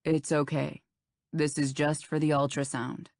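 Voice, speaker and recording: A woman reading an audiobook, voicing a calm, reassuring male doctor in a soothing, matter-of-fact way. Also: a little high, unhurried, gravelly, dry recording, studio quality.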